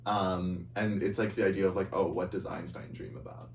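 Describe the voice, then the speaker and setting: Animated, playful man in echoey room. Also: low voice, brisk. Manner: animated, playful storytelling with crude jokes. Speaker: podcast co-host. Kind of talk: casual chat. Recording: echoey room from a distance, faint hum.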